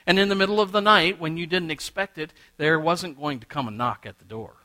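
Middle-aged pastor guy preaching, kinda high bright voice, acts out conversations, gets loud then hushed. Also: brisk. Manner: preaching with wide swings in pitch and loudness, acting out quoted exchanges. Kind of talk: sermon.

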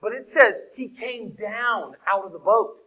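A man preaching an animated sermon, acting out scenes in shouted voices. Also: sits high, unhurried, low-quality recording. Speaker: guest preacher.

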